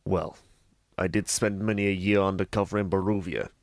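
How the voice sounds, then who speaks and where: A man's voice: low-pitched, steady tone, normal speed, dry recording, studio quality. A young man performing improv comedy scenes, plummy and mock-formal.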